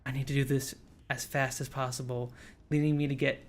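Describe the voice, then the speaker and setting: A man's voice: mid-range voice, little pitch movement, brisk, soft background music. Man casually reading a visual novel aloud. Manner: casual reading with frequent restarts and stammers. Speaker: streamer reading the narration.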